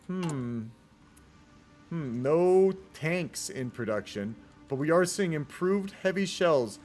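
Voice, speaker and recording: A man's voice: on the high side, animated, slow, a little mellow, faint music behind. A man casually commentating a multiplayer strategy game on a live stream, rambling into laid-back asides and swearing often.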